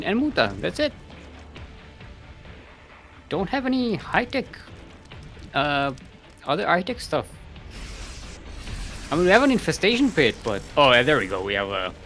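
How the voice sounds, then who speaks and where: A man casting a live video game match, excitable and laughing often as he talks. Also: fairly high pitch, normal speed, pauses often, soft background music. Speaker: esports caster.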